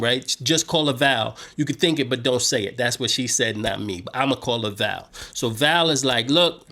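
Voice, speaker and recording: Male host, casual recap commentary, animated slang delivery, middle pitch. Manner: slangy, animated, paraphrases scenes in his own street voice. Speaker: show host.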